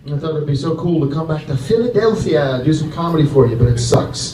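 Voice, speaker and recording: A man's voice: a little high, animated, very noisy. Awkward stumbling stand-up comic, man. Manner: halting, stumbling delivery full of restarts and ums. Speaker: stand-up comedian. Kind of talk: deliberately awkward anti-comedy stand-up. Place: live comedy club with audience. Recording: echoey live club recording from far off, loud crowd.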